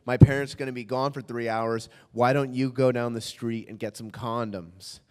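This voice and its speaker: A man quoting a calm, forward teenage girl in a plain matter-of-fact voice, in a reverberant hall. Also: medium pitch, normal speed, clear, resonant tone, voice pushed down, lightly acted. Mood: casual.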